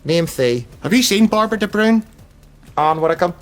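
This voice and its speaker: A man's voice: high-pitched, lively intonation, normal speed, fairly bright tone, faint music behind. Cheeky man host. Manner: cheeky, childish teasing. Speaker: radio show host. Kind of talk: comic radio banter.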